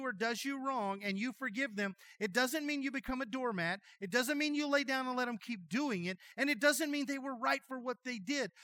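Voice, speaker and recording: A middle-aged man preaching a sermon as pastor, telling folksy jokey stories in an animated way. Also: very high-pitched, no room sound.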